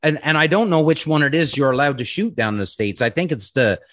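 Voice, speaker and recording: A man's voice: a little high, lively intonation, quick pace, fairly bright tone, no room sound. Guy hosting a podcast, rambly and sweary, dry close sound. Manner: rambling, swears freely, many fillers. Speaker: podcast host. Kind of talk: casual chat.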